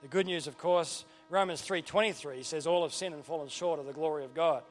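A man preaching a sermon, emphatic, swinging between loud declarations and quiet, earnest passages. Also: on the high side, fairly quick, soft background music. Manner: emphatic preaching, rising and falling in intensity. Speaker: pastor.

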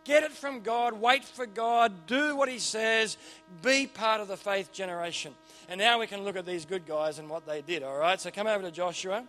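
A middle-aged Australian man preaching a sermon in a church, animated and joking with punchy repeated phrases. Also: sits high. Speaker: pastor.

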